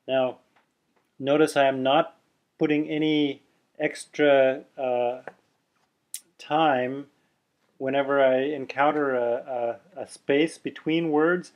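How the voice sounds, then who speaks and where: A man teaching pronunciation, who explains slowly and then chants the examples with careful, deliberate delivery. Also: medium pitch, steady tone, dull audio. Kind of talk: pronunciation lesson with slow chanting.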